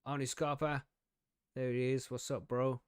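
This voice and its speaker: A man's voice: medium pitch, level tone, normal speed, clean tone, no room sound, clean studio sound. A man hosting a live stream, chatting casually, rambling and poking fun at himself, with frequent swearing and easy laughter. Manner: rambling and self-deprecating, swears often, laughs easily. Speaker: podcast host.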